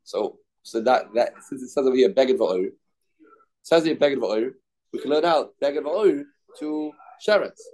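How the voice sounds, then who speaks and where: A man leading a Talmud study class, his voice at an ordinary middle pitch. He chants phrases over and over in a sing-song rhythm and mixes English with Hebrew and Aramaic terms. He stops now and then to answer students' questions. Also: animated, a little slow, darkish tone. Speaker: Talmud teacher.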